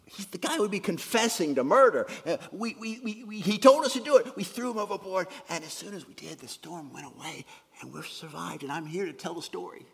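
Brief: man putting on a rattled sailor blurting his storm tale, husky and a bit raised, in a reverberant hall. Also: high-pitched, lively intonation, fairly quick, fairly bright tone, voice pushed up, heavily acted. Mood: excited. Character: shaken loose-lipped male sailor telling a tale.

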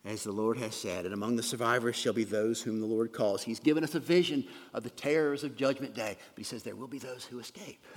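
A man's voice: mid-range voice, fairly even intonation, brisk. Earnest male pastor preaching in a reverberant hall. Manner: earnest, repeats words, swings from loud emphasis to quiet drops. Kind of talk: sermon.

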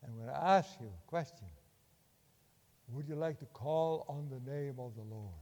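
An older man preaching a sermon in a church, impassioned, swinging from loud urging to hushed tones. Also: medium pitch, normal speed, long reverb tail.

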